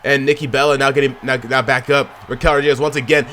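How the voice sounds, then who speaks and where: A man giving excitable play-by-play commentary on a wrestling video game, chatting to viewers and shouting at near-falls. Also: medium pitch, fast, hardly any pauses, slight background noise. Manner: chatty, addresses viewers as y'all.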